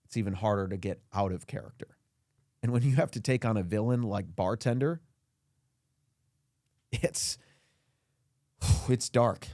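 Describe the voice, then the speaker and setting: A man as a podcast guest in a comedic rant, indignant and self-pitying, his voice climbing high as he complains. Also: a little slow, long pauses, a little mellow, no echo, clean studio sound. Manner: indignant, whiny self-pity, voice climbs high when ranting. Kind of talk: comedic mock interview rant.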